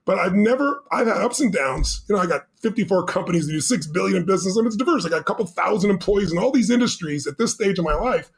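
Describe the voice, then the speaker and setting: A middle-aged man tells a personal story as a podcast guest, his voice rising and then dropping low. He talks quickly and in a fairly high register for a man. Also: animated, creaky. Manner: intense storyteller, swings between loud and hushed. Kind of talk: telling a personal story in an interview.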